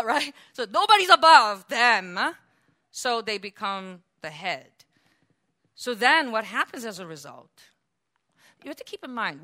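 Woman pastor giving a sermon in church, high bright voice, lively, acts out what people say. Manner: animated, acts out quotes, laughs often.

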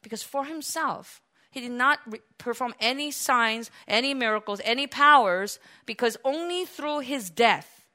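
Woman, preacher, storytelling sermon, high voice, bright tone, hushed to shouting, chatty fillers. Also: a little slow. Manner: dramatic, swings from hushed near-whispers to loud exclamations; conversational and animated, with frequent "like" and restarts.

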